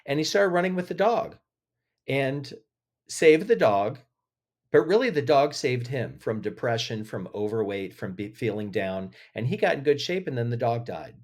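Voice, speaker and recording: A man speaking as a podcast guest, telling stories with feeling and lively emotion in an interview. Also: mid-range voice, moderate pace. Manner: emotional, animated storyteller. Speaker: podcast guest, agency head. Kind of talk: interview conversation.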